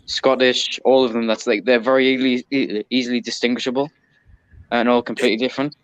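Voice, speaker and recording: A man's voice: mid-range voice, little pitch movement, fast, clear, resonant tone, no room sound. A man from northeast England with a Sunderland accent, chatting as a podcast guest with dry, teasing humor. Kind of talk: casual chat. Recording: dull, dry, lo-fi sound.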